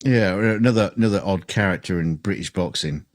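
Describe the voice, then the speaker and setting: A man's voice: low-pitched, fairly quick, dry recording. A man co-hosting a casual chat, reading out viewer comments with an easygoing, hesitant manner. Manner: easygoing, dry, hesitant with fillers.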